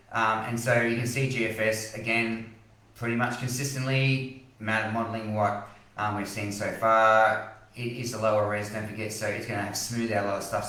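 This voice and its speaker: A man's voice: fairly low pitch, fairly bright tone, distant mic. Passionate Australian man ranting in an echoey room. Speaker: weather page host. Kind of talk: live-streamed weather commentary.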